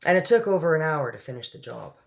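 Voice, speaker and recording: Lady reading a kids book out loud, kinda gravelly, voice bounces around a lot, chatty little asides. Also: deep voice, big pitch swings, fast. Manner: chatty asides, laughs at own slips. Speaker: storyteller. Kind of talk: reading a children's book aloud.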